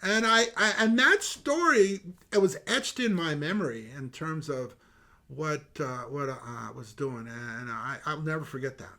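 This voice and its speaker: Lively older man telling war stories. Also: on the high side. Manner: lively, laughing, halting with many fillers. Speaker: retired homicide detective, guest. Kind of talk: animated anecdotal storytelling.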